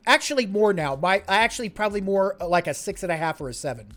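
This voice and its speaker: A man hosting a live stream in casual chat, rambling and joking, swinging between quiet mutters and loud bursts, with faint music behind. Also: high voice, lively intonation, fast. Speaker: streamer host.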